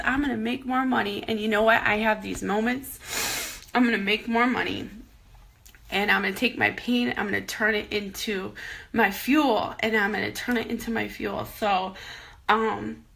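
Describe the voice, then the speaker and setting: A woman's voice: fairly high pitch, vocal fry, fairly bright tone. A woman in her thirties vlogging about money worries, tearful and rambling but candid, talking herself back into encouragement. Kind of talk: emotional personal vlog.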